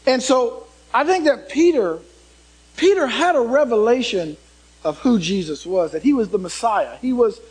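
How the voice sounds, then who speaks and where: A man preaching a sermon, turning dramatic as he swings from loud emphasis to hushed tones and puts questions to the congregation. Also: very high voice, expressive, moderate pace, breathy edge, rough recording.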